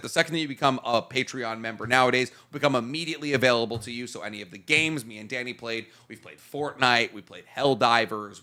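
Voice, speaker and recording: A young man co-hosting a casual comedy podcast, animated and joking, now and then breaking into loud silly voices. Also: mid-range voice. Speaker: podcast co-host.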